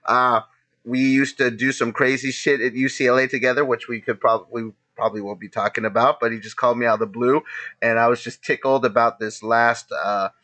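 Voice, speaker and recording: Male host, 30s, loose profane storyteller, chuckles constantly, mid-pitched. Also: steady tone, a little fast, sharp tone. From Los Angeles area. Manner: laughs often while telling stories, swears a lot. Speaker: podcast host.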